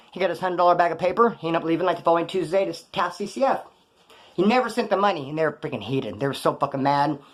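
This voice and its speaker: A man casually recounting his prison days in slangy, profane street talk, rambling and correcting himself as he goes. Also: fairly high pitch. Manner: loose, digressive, corrects himself mid-story. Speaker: former prisoner telling stories. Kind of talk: casual storytelling monologue.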